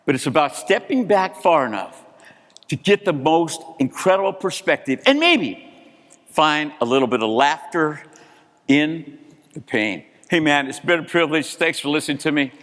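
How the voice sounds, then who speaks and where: Animated male speaker in a big hall. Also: fairly high pitch, moderate pace. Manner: animated, acts out dialogue, rises to shouts. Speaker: keynote speaker. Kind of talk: motivational storytelling talk. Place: large hall, live audience. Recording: hall reverb.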